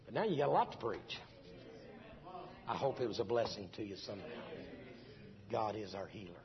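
A man's voice: lowish voice, animated, a little fast, dull audio, a crowd in the background. A middle-aged man, preaching a testimony in a folksy storytelling way full of restarts. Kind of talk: sermon testimony.

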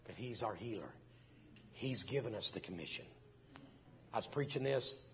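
A man's voice: lowish voice, lively intonation, normal speed, long pauses, highs cut off, over loud music. A middle-aged man, preaching a testimony in a folksy storytelling way full of restarts. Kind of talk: sermon testimony.

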